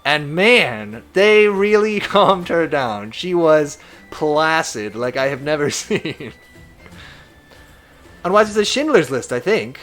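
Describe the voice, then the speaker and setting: Speaking slowly in a fairly high voice, a male streamer plays a strategy game live, talking casually and animatedly as he reads chat messages aloud. Faint music sits behind him.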